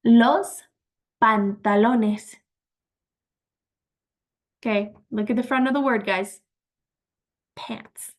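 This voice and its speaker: A woman teaching vocabulary in a slow, patient, encouraging way, repeating each word and praising the learner. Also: fairly high pitch, fairly even intonation. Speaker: Spanish teacher. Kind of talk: slow vocabulary lesson with pauses.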